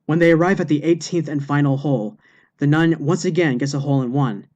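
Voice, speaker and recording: A man's voice: on the high side, fairly quick, a little mellow, highs cut off. A man narrating a series of scripted jokes in a matter-of-fact reading voice. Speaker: joke narrator.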